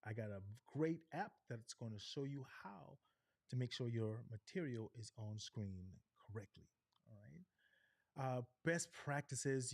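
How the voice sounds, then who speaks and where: Here a middle-aged man runs a live online workshop as an on-camera presentation coach. His delivery is animated, with pitch and pace changed deliberately and frequent "right?" check-ins. The recording is clean studio sound without any room sound.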